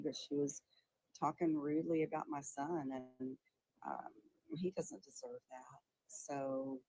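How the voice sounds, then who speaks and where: A woman who records her calls, answering calmly and dismissively. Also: low voice, no room sound, rough recording. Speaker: mother-in-law recording a call.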